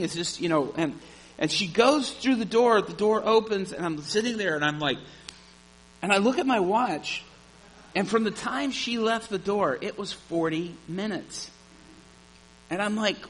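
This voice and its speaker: A man preaching a sermon, telling a story with animated energy. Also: high voice, moderate pace, slight background noise, rough recording. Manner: animated storyteller, shouts at the climax.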